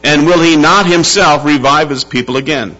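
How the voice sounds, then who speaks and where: A man preaching a sermon to his church, emphatic, slowing down to stress key words and calling out to the congregation. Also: on the high side, bright, forceful tone. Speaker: pastor. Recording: dull lo-fi sound with faint music and hum.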